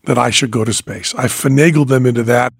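An older man hosting a podcast, telling a story in a lively way, dropping quiet and then rising almost to shouting. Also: medium pitch, brisk, creaky, breathy edge, no room sound, clean studio sound. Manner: animated, swings from quiet to near-shouting when acting out panic. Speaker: podcast host, magician and comedian.

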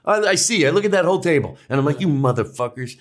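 A male comedian as an interview guest, talking in rambling, animated bursts with restarts and swearing. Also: sits high, very fast. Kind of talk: casual interview chat.

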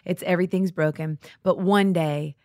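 A woman musician talking earnestly about faith and music in a relaxed conversation, laughing easily. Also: lowish voice, normal speed, dry recording, studio quality. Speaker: podcast guest, musician. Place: Nashville.

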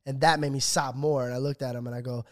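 A man's voice: mid-range voice, steady tone, quick pace. A young man in his twenties on a casual podcast, telling a story with a lot of swearing and acting out what others said. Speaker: podcast co-host.

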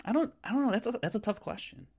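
A man co-hosting a podcast in casual chat, ribbing his partner and jumping into high squeaky jabs. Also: animated, racing, darkish tone. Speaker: podcast co-host.

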